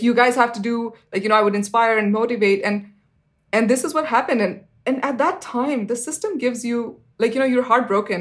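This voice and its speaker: Earnest woman in her thirties telling her story. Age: 30s. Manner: earnest, acts out remembered dialogue with sudden high pitch jumps; frequent fillers like "like, you know". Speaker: interview guest. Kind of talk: personal storytelling in an interview.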